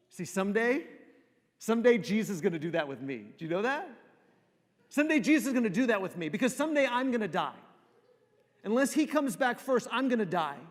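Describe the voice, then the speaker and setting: High-voiced man preaching in an echoing church. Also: sing-song. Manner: repeats phrases for emphasis, drops to soft pauses. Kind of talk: sermon. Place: church sanctuary. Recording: long reverb of a church hall.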